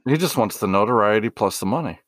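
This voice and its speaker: Laid-back, low-voiced podcast co-host. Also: male voice, animated, quick pace, a bit bright, no room sound, studio quality. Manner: laid-back, short replies, swears casually. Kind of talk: casual podcast banter.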